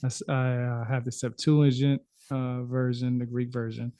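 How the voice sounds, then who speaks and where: A man's voice: medium pitch, little pitch movement, normal speed, mellow, no room sound. A man hosting a casual podcast conversation, rambling and repeating words as he talks. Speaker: podcast host.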